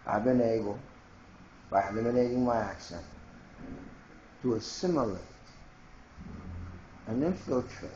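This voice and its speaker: In a muffled, reverberant recording with slight background noise, a Haitian video blogger delivers a confrontational, rambling rant directly to camera for his home vlog. His mid-range voice is mellow and unhurried, with long pauses.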